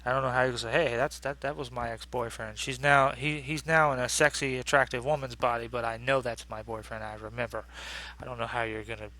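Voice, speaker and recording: A man's voice: medium pitch, level tone, fast talker, pushed and bright. A man giving a casual ranting review in a crude, sarcastic, exasperated way.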